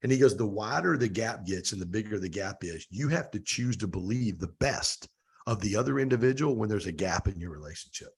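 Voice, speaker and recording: A man's voice: on the low side, brisk, slightly rough. A middle-aged man, a podcast guest, telling stories in a casual interview and acting out the dialogue. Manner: animated storyteller, acts out quoted dialogue.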